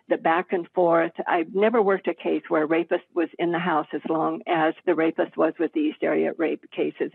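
A retired detective, a woman in her seventies, recounting old cases in a steady, matter-of-fact way. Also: fairly low pitch, gravelly, breathy edge, no echo. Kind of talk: recounting case memories in an interview. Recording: tinny phone line.

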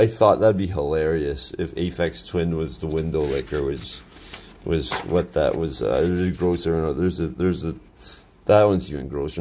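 This artist, a man in his thirties, has a low voice with a darkish tone. He chats loosely about the drawings in his sketchbook, with lots of fillers and restarts.

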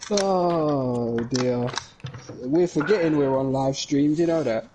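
Young lad streaming a game, slangy banter, quick to laugh. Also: male voice, a little high, noisy background. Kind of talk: casual chat while gaming on stream.

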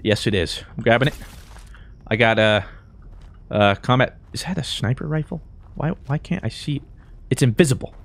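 A man doing let's play commentary, excitable and jokey, switching between mumbled asides and high-pitched yelps. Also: normal speed, gravelly, long pauses. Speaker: gaming YouTuber.

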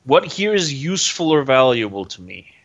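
A man's voice: medium pitch, big pitch swings, moderate pace, muffled recording. A man playing a tabletop game, thinking aloud with hesitations and restarts. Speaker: player.

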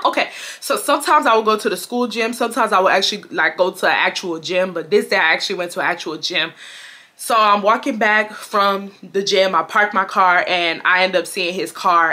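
Young woman from houston doing a storytime vlog, bright voice, super blunt, acts out all the quotes. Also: mid-range voice. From Houston, Texas. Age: 20s. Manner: blunt, animated, talks straight to viewers, acts out quotes. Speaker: storytime vlogger. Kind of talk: casual storytelling to viewers.

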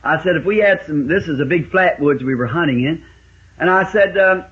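A man from the States, preaching and telling a folksy hunting story, with sudden high exclamations. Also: fairly quick, husky. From Southern United States. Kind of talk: storytelling sermon. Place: church meeting with a congregation. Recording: lo-fi 1960s live sermon tape.

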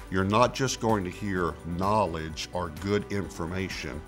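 A man preaching a sermon as pastor, emphatic, slowing right down to stress key words and repeating them. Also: low-pitched. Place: church sanctuary. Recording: reverberant church hall.

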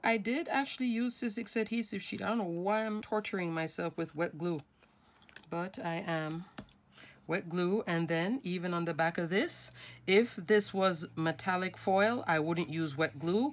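A woman hosting a craft tutorial, talking casually and instructively while she works step by step with her hands. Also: fairly low pitch. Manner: chatty, instructive, talks while working with hands.

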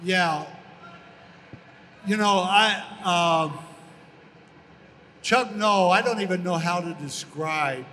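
An older American man recounts his career with animated relish, slipping into the voices of the people he quotes. His voice sits high and bright. The room adds a long reverb tail, and a faint background hum runs beneath it. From United States. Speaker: interview guest, former pro football player. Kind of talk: storytelling in a casual interview.

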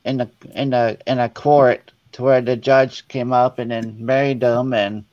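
A man's voice: medium pitch, little pitch movement, a little slow, darkish tone, no room sound. A man chatting as a guest over a video call, his voice muffled and dry. He tells stories in a loose, rambling way and breaks into laughter often. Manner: laughing, tearful storytelling. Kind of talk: casual chat.

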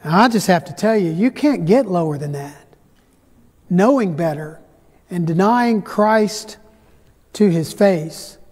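A male pastor preaching a sermon, telling the story dramatically and swinging between loud peaks and hushed low passages. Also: animated, a little slow, pauses often, breathy edge. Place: church sanctuary. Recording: church hall reverb.

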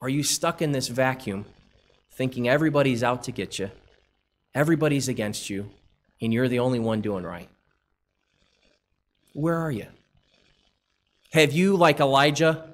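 A man preaching a sermon in church, pressing his listeners with question after question. His voice sits at an ordinary middle pitch, and he moves between scripture readings and direct appeals. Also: normal speed, long pauses. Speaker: pastor.

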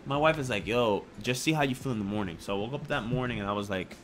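A man's voice: lowish voice, rapid-fire, few pauses, over music. Slangy man telling a story casually. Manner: animated, slangy and crude, says "yo" and "bro". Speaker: vlogger.

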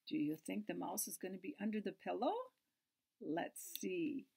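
A woman's voice: medium pitch, very animated, moderate pace, creaky, slightly rough. A woman leading a children's story time, reading a picture book aloud in a playful, exaggerated sing-song way for small children.

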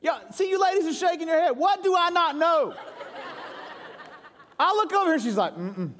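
A man's voice: very high voice, animated, normal speed, fairly bright tone, slight background noise. A man preaching a sermon, a pastor who tells comic stories and keeps quizzing his congregation. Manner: joking, crowd-engaging storytelling. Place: church sanctuary. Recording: long hall reverb.

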